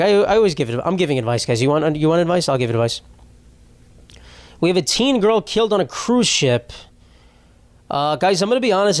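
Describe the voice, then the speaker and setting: A man hosting a podcast, talking in a casual, rambling comedic monologue, irreverent and laughing his way through dark news stories. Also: mid-range voice, no echo. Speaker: podcast host.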